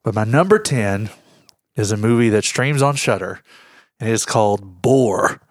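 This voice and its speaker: A man co-hosting a casual horror-movie podcast, animated and quick to laugh as he lays out his picks. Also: lowish voice, no room sound, clean studio sound. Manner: animated, laughs often, relishes quoting lines. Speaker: podcast co-host.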